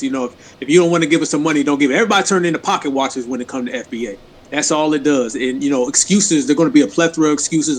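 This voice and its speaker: A man hosting an online audio chat room, talking bluntly and hyping up the speakers. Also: fairly high pitch. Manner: fast, blunt, hyping others up. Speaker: host. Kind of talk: casual chat.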